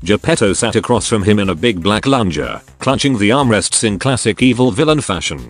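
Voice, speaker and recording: Computer-voiced man narrating, animated intonation, soft music underneath. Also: fairly low pitch, brisk. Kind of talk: text-to-speech story reading.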